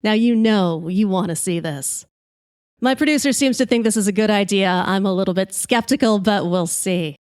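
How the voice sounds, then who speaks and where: A woman podcast host telling a comic story in a lively, brash way, swearing freely. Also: medium pitch, normal speed, dry recording, clean studio sound.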